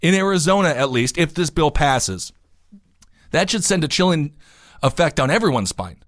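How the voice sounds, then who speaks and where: A man's voice: a little high, lively intonation, normal speed, fairly bright tone, no echo. Joking man co-hosting a podcast, dry sound. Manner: jokey, rambling asides, gets worked up and emphatic. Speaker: podcast co-host. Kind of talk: casual political talk, reading news aloud. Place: home studio in New York City.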